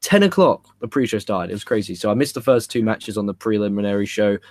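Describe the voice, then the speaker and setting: A young man co-hosting a podcast, reviewing wrestling in a rambling, animated way and swearing freely. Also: fairly low pitch, quick pace, no room sound. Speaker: podcast co-host. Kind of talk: casual wrestling review chat.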